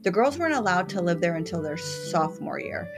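A woman in her late thirties chats casually as a podcast guest, telling stories with animated energy and frequent laughter. Her voice sits on the lower side for a woman, and faint music plays underneath. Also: fairly quick, gravelly. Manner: animated storytelling, laughs often. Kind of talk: casual chat.

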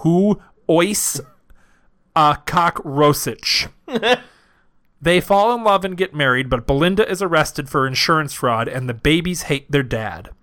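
A man with a fairly high, bright voice reads a story aloud for a comedy podcast, taking it word for word. His pitch swings widely, and his reading keeps getting broken up by giggles. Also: lively intonation, normal speed. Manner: reads verbatim, often cracking up. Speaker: podcast co-host, narrator of fan fiction.

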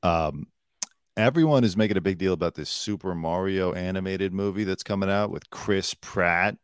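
A lower-pitched man hosts a loose comedy podcast, joking around and swearing freely between topics. His voice sits close and dry on the mic, with almost no room sound around it. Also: moderate pace, clean tone, no room sound. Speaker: podcast host. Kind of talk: casual comedic chat. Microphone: desk mic with headphones.

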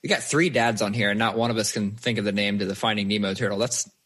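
A man, a father and podcast co-host, chatting casually and telling animated stories with plenty of swearing. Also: lowish voice, fast talker, slightly rough. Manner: swears freely, animated storyteller. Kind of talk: casual chat.

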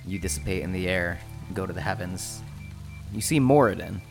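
A man with a low, gravelly voice narrates a tabletop game as its game master. He tells the scene in a slow, solemn way, and music plays behind him.

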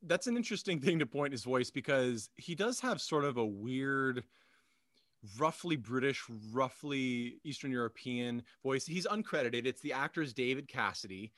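Male co-host, mid-pitch, dry close sound, rambling casual film talk. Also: lively intonation, normal speed, fairly bright tone, no echo. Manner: rambling, many fillers and restarts. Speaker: podcast co-host.

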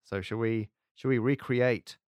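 A man's voice: mid-range voice, fairly even intonation, measured pace, clean tone, no room sound, clean studio sound. A man co-hosting a podcast in casual chat, giggly and self-mocking. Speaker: podcast co-host.

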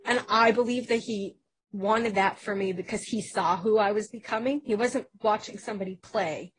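Husky-voiced, hyper woman telling stories. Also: medium pitch, normal speed, low-quality recording. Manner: animated storyteller who acts out quoted dialogue; hyper, energetic talker. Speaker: podcast guest, actress. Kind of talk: casual interview chat.

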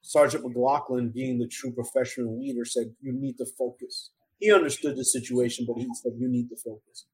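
Poorly recorded, a middle-aged man with a New York accent and a darkish, breathy mid-range voice shares his survival story. He speaks earnestly in an interview, with emotional restarts.

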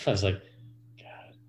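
A man's voice: slow pace, crowd noise. A man in his forties, a podcast guest, telling a profane, rambling story full of "like" fillers. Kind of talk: casual storytelling.

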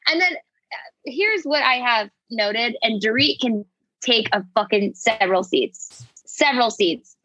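A woman's voice: a little high, expressive, a little slow, sharp tone, no echo, poor audio. A woman in casual chat, brash and profane, slipping into dramatic impressions.

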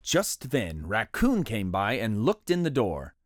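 Animated picture-book narrator. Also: mid-range voice, measured pace, dry recording, studio quality. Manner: expressive, animated reading. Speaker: storybook narrator. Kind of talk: children's picture book read-aloud.

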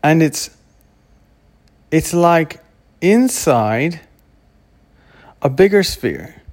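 A man speaks at an unhurried, drawn-out pace in a loose, casual monologue. He wanders through his thoughts, breaks off mid-sentence and gropes for words before carrying on. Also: on the high side, very animated, darkish tone. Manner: rambling, searching for words, self-interrupting. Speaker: vlogger.

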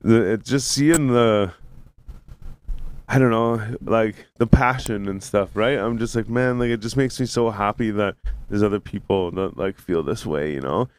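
A man hosting a casual chat, agreeable and hesitant, stumbling through halting phrases. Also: lowish voice, smooth, no room sound.

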